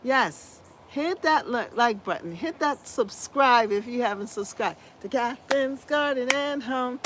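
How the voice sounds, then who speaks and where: A woman's voice: a little high, lively intonation, unhurried, a bit bright. Scratchy-voiced woman hosting a gardening livestream. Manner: effusive and upbeat, repeats phrases, exclaims hallelujah. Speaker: gardening channel host. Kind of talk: casual livestream chat reading viewer comments.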